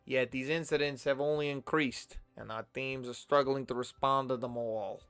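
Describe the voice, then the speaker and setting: A man voicing a formal male corporate secretary from a video game, reading the lines in a stiff, deliberate way. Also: mid-range voice, steady tone, a bit bright, clean tone, faint music behind, close to an everyday voice. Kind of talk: reading game dialogue aloud.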